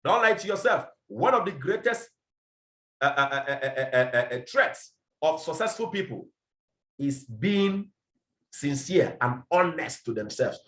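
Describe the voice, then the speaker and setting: A man leading his business team in a forceful motivational talk, repeating his points and firing rhetorical questions over a video call. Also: high-pitched, sing-song, moderate pace, roomy sound. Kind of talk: motivational address to an online team meeting.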